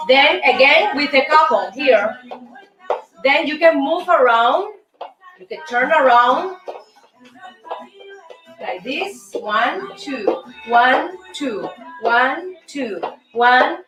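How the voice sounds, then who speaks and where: Woman, Cuban Spanish accent, dance teacher, slow unhurried delivery, counts beats aloud, echoey room, distant mic. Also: sits high. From Cuba. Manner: lively, counts out beats rhythmically. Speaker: show host and dance teacher. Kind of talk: dance lesson. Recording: roomy room, distant mic, faint music.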